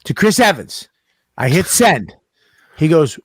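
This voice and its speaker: A man telling a road story in casual chat, profane and animated, acting out the people he quotes. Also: on the high side, moderate pace, dry recording, clean studio sound. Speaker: comedian guest.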